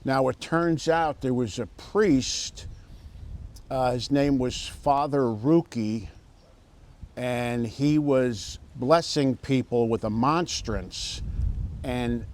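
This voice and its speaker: Slow, halting man telling a story. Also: medium pitch, a little mellow. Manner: halting, many fillers and restarts, storytelling. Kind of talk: casual interview testimony.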